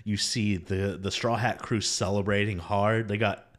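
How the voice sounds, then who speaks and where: Easygoing podcast guy, recapping in an unhurried way, quick to laugh. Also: on the low side. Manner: relaxed, laughs often while summarizing. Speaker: podcast co-host. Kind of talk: casual chat.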